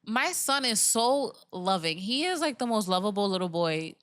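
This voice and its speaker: Young mother chatting candidly, mid-pitched. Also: big pitch swings, moderate pace, fairly bright tone, no echo, studio quality. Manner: candid, laughing, quotes herself and others. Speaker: podcast guest. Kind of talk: casual chat.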